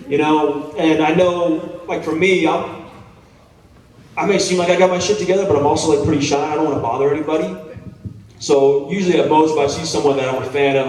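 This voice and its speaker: A man in his thirties, an actor on a convention panel, answers fan questions by telling stories in a relaxed, chatty, self-deprecating way and swearing casually. His slightly high voice echoes through a large hall, captured from some distance.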